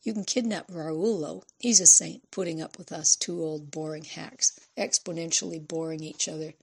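A man's voice: fairly high pitch, fairly even intonation, moderate pace, vocal fry, breathy edge. A woman voicing a weary older male writer who talks in a blunt, offhand way, in a storybook reading.

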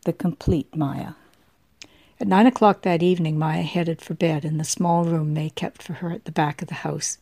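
Casting: woman audiobook narrator, measured and gravelly, low and mellow, dry close sound. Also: fairly even intonation, dry recording.

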